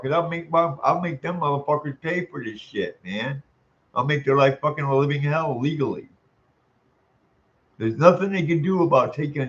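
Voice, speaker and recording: Fed-up man ranting, slightly high voice. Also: a bit bright, highs cut off. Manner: profane, exasperated ranting. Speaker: vlogger. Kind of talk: angry venting monologue.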